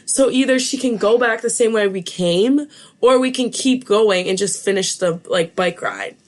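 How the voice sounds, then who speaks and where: A woman's voice: medium pitch, normal speed. A young woman hosting a podcast, telling family stories in a casual chat full of "like" and quoted dialogue. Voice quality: animated storyteller, lots of fillers. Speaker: podcast host.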